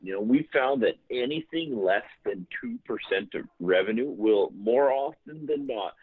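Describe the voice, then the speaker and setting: A man's voice: mid-range voice, expressive, moderate pace, breathy edge, dry recording. A man, a guest accountant speaking hesitantly and matter-of-factly, often repeating his words. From Canada. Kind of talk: guest on a podcast call. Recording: tinny phone-line call.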